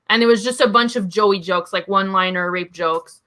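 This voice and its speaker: Bright-voiced woman podcast co-host. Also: mid-range voice, normal speed, hardly any pauses. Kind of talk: casual podcast chat.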